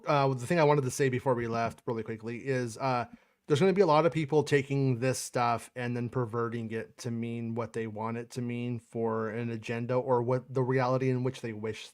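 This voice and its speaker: A man's voice: mid-range voice, normal speed, a little mellow. A man hosting a casual livestream chat, rambling and cursing, with frequent restarts. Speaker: podcast host.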